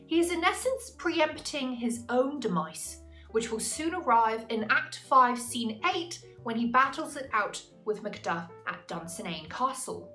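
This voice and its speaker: A woman tutor explains a text in a measured, analytical way, and she slows down on the terms she wants to stress. Her fairly high voice rises and falls widely, with soft music underneath. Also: animated. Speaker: English literature tutor. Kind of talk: scripted explanatory narration.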